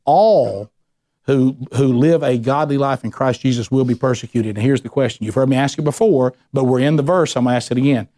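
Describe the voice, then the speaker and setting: A man's voice: medium pitch, brisk, dark tone. A man preaching a sermon as a pastor, emphatic and conversational, asking the congregation questions.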